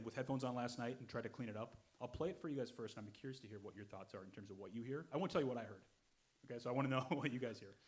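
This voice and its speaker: A man hosting a podcast, chatting casually and explaining things as he goes. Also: medium pitch. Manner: quick, chatty, explaining as he plays clips. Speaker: podcast host. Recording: loud background noise.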